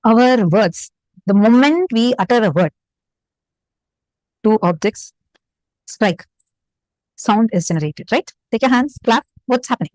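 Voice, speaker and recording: A woman with an Indian English accent teaches a live online spiritual session. She explains by putting questions to her listeners, speaking at a mid pitch. Her voice sounds dry and close to the mic. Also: expressive, unhurried, long pauses, darkish tone, dry recording, low-quality recording.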